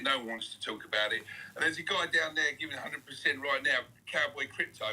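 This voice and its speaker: A man's voice: mid-range voice, pushed and bright, husky, poor audio. A man from England now living in Australia, with an English accent mixed with Australian, calling in to a live show and talking hesitantly with many fillers. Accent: English with Australian mix. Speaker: caller. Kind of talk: casual call-in chat.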